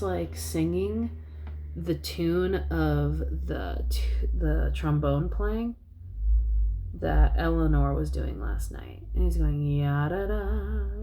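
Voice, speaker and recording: A woman's voice: low-pitched, mellow, a little hiss or hum. A woman vlogger casually retelling a film plot in a rambling way. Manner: rambling, many fillers and restarts.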